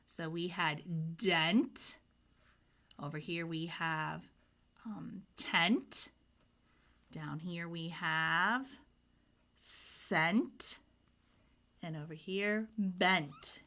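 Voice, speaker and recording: A woman teacher giving a phonics lesson to young children, reading words slowly and patiently. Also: fairly low pitch. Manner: slow, patient, reads words aloud in even steps.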